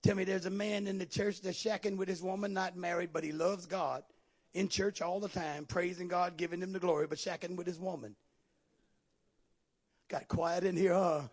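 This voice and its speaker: A man preaching a sermon as pastor, swinging from low murmurs to shouted exhortations with a gravelly, husky voice. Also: normal speed.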